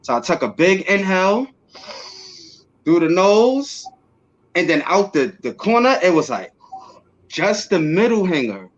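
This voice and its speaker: A man being interviewed, telling a personal story casually and acting out what he said back then with bursts of energy and laughs. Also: sits high. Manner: animated, acts out his own past words with quick bursts and laughs. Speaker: interview guest. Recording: slightly dull lo-fi audio.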